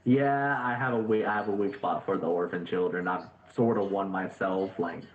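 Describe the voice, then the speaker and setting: A man's voice: low-pitched, lightly acted. A man voicing a friendly young male orphan warrior who stammers and repeats himself in his hurry. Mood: earnest. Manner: quick, hesitant, repeats words. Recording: echoey, tinny voice-chat line.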